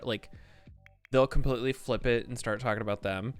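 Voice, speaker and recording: A man's voice: medium pitch, fairly even intonation, a little fast, soft background music. A man streaming a game and chatting casually in a rambling, candid way, full of fillers and restarts. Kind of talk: casual chat while streaming.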